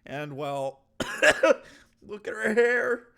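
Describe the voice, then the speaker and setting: A man's voice: sits high, expressive, drawn-out words, gravelly, a bit bright, smooth. A male host giving casual reaction commentary in a wry, mocking way.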